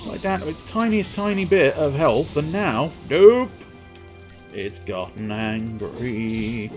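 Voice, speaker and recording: A young man streaming a video game, chatting and rambling to viewers in a self-amused way, sometimes singing joke lines. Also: medium pitch. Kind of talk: casual gameplay commentary. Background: faint game music.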